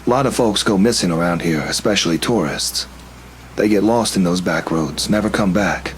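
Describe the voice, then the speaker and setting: A man doing a gruff old gas station attendant. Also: sits low, moderate pace, a little hiss or hum, lightly acted. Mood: ominous. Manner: drawling, folksy speech.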